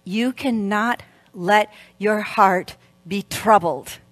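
A woman in her fifties speaking at a women's church event, telling a story in an animated way and laughing often. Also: mid-range voice, takes it slowly, no echo.

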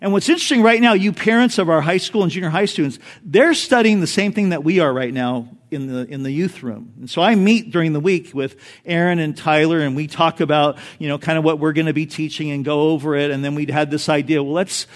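List: man, pastor, sermon, animated delivery, high voice. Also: fairly quick, hardly any pauses. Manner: animated, storytelling with jokes.

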